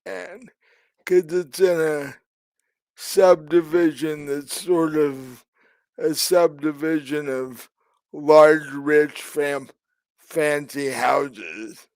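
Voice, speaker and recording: Slow, halting man running a game. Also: fairly high pitch, fairly even intonation, darkish tone, no echo. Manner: hesitant, many ums and restarts. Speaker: game master. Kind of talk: narrating a tabletop game.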